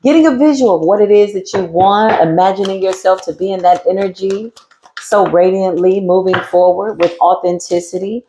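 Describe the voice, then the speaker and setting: A sassy woman giving a tarot reading, cursing casually and mocking the people she reads about. Her voice sits at an ordinary middle pitch. It drops into low murmurs, then jumps to high, teasing squeals. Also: background noise. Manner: sassy, mocking, swears freely, laughs loudly. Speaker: tarot reader.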